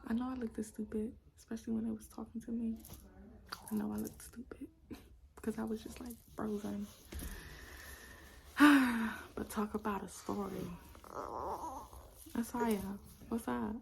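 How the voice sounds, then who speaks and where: A young woman vlogger at home, casually telling a personal story in a soft, often half-whispered voice full of "like". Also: mid-range voice, gravelly, slight background noise. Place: at home with her small children.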